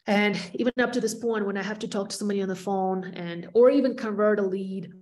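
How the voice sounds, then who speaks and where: A middle-aged woman speaks English with a clear non-native accent, teaching on a video call at a mid-range pitch. Her delivery is energetic and emphatic, and she repeats words to drive each point home. She sounds like a practiced presenter coaching her peers. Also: fast talker. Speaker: real estate agent presenting to peers. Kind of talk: training talk on a video call.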